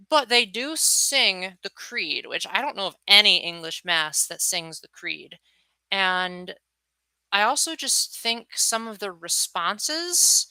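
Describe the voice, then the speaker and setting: Young woman streamer, casual and talkative; bright, crisp tone, dry close mic. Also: mid-range voice, no room sound, rough recording. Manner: chatty, answers viewers' chat, acts out quotes. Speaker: livestream host. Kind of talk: casual livestream chat.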